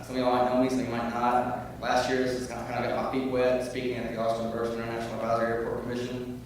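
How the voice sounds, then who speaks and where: At a community forum, a man delivers impassioned public comment in a medium-pitched monotone at a very fast clip. He rambles before becoming loud and heated. The mic catches him from a distance in an echoey meeting room, with faint background noise.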